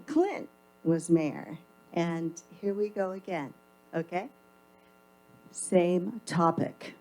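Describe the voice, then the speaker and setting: At a council meeting, a woman gives public comment into a podium mic in the council chamber, sounding emphatic, confrontational and sarcastic. Her voice is fairly low and dark, and the recording quality is low.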